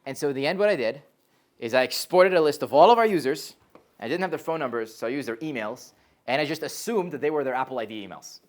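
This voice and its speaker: Lively young man telling startup stories. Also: medium pitch, fast. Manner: lively storyteller, frequent "like" and "um", animated quoted voices. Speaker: startup founder giving a talk. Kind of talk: live talk to a college audience. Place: college classroom.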